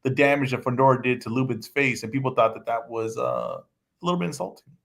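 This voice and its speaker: A man's voice: mid-range voice, brisk, vocal fry. A man co-hosting a boxing podcast in casual chat, teasing and joking with his co-hosts. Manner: teasing, jokey, excitable. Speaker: podcast co-host.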